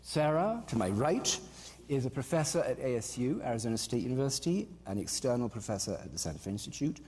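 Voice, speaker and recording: A man's voice: mid-range voice, very animated, fast, a little mellow, slightly rough. A man moderating a panel on stage, introducing the guests in a loose, chatty way with many fillers. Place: stage in a large hall. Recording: long hall reverb.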